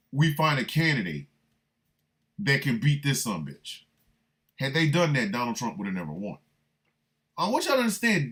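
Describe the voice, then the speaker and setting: A man hosting a livestreamed radio talk show, riffing in a loose comic way and shouting out listeners by city. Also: medium pitch. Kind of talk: livestreamed political comedy talk.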